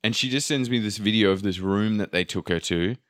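A man's voice: lowish voice, fairly quick, a bit bright. A young man telling a travel story in casual chat, swearing freely and acting out what people said. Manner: swears a lot, acts out quotes with filler "da, da, da".

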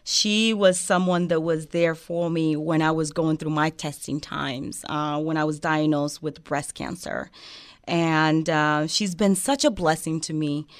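A woman's voice: sits low, steady tone, measured pace, no room sound, clean studio sound. A woman from Africa, hosting a heartfelt interview show, earnest and emotional with many fillers. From West Africa. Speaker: show host.

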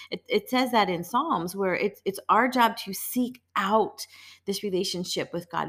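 A woman hosting a casual devotional talk, earnest and emphatic, often repeating phrases. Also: medium pitch. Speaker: host of a devotional show.

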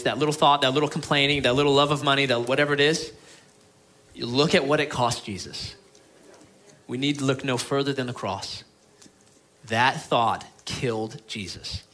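In a mid-range voice, a man preaches as his church's pastor, sincere and beseeching. He moves back and forth between stressed, emphatic statements and quiet ones.

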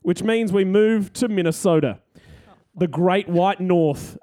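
High-voiced man telling crude stories. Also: takes it slowly. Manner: deadpan absurd, crude jokes. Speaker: co-host. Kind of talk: comedic podcast storytelling.

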